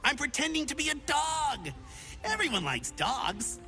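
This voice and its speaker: A performer voicing an eager, hapless young would-be adventurer in a video game, excitable and clumsy, fumbling for words. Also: high-pitched, measured pace, faint music behind, exaggerated voice. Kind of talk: video game character dialogue.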